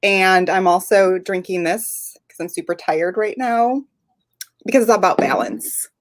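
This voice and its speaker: A woman's voice: on the low side, measured pace. A woman co-hosting a casual live show, playful and teasing, with a sarcastic edge. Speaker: co-host.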